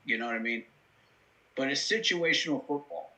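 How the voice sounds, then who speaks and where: A man's voice: mid-range voice, normal speed, sharp tone, poor audio. A man hosting a live football reaction stream, talking through the game in an earnest, analytical way with many fillers. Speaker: host.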